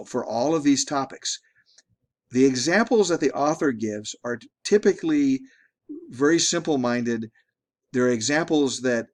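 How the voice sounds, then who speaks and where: A middle-aged man teaching a statistics class in a conversational lecture, often repeating and restarting words. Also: mid-range voice. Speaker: statistics instructor. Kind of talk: recorded lecture.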